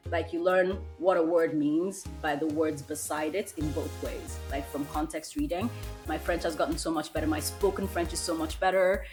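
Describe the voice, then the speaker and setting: A woman's voice: deep voice, fairly even intonation, normal speed, over music. A young woman hosting a solo podcast, giving a blunt, emphatic pep talk in a casual chatty way. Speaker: podcast host.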